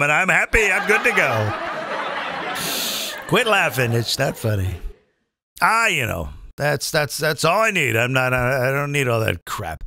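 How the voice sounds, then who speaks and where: A man's voice: on the high side, pushed and bright, a little hiss or hum. A man hosting a live comedy show, ranting in a profane, rambling, digressive way.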